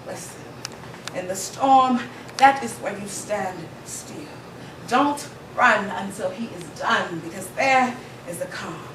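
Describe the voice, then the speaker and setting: A woman performing spoken word poetry in a slow, emphatic preaching cadence. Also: medium pitch, recorded from a distance, noisy background. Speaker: slam poet. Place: event hall. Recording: echoey hall recorded from afar.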